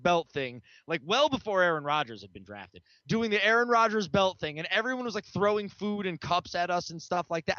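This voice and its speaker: Podcast co-host, male, high-pitched and animated, dry muffled sound. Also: no echo. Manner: animated, swearing storyteller, laughs often. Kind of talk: casual podcast banter.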